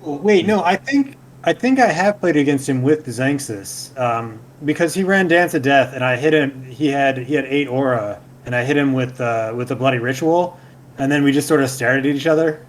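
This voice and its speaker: A man's voice: medium pitch, normal speed, slight background noise. A man on a casual gaming podcast, telling a match story in a hesitant way. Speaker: podcast guest. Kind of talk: casual esports podcast chat.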